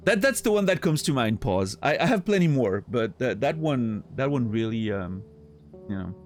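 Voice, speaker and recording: A man's voice: medium pitch, sing-song, moderate pace. Rambling man chatting on stream. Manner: rambling, many restarts and fillers, laughs easily. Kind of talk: casual chat with viewers.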